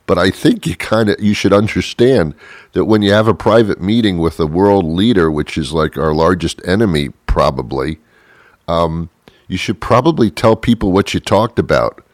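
A man's voice: low-pitched, moderate pace, no room sound, studio quality. A man performing a sarcastic comedic monologue, ranting and chuckling at his own jokes.

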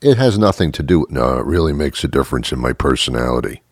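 A man doing a rambling stand-up comedy monologue, slipping into quick character voices for his bits. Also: very deep voice, animated, breathy edge, no room sound, studio quality.

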